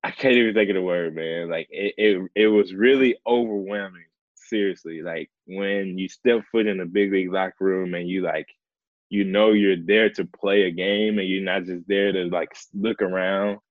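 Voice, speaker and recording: Deep-voiced man telling a story casually. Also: normal speed, no room sound, narrow, tinny audio. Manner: relaxed, earnest, heavy use of "like" and "man". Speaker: professional baseball player as guest.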